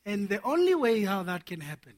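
A man preaching a sermon to men, animated and laughing as he acts out little scenes. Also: sits high, fairly quick.

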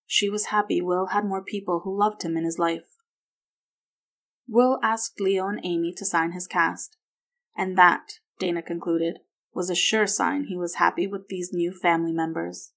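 A woman with a fairly low voice reads a story aloud. Her narration is steady and even, at an unhurried storytelling pace.

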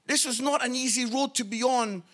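A man preaching a passionate sermon as pastor, building to shouted appeals. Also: extremely high pitch, fairly quick.

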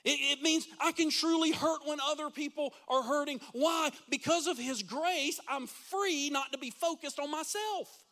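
High, bright-voiced preaching man. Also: moderate pace, few pauses. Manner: impassioned preaching with rhetorical questions to the congregation. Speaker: pastor. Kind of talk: sermon. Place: church sanctuary.

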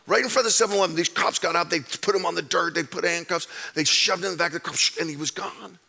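A man preaching a sermon, telling a story with animated swings between loud outbursts and hushed drops. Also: on the high side, fast talker, gravelly. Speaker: pastor. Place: church stage.

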